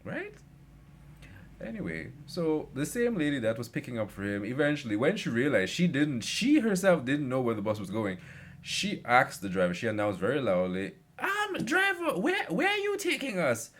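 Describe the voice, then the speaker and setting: A man's voice: mid-range voice, sing-song, moderate pace. A young man rambling through a casual story with lots of fillers. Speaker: vlogger.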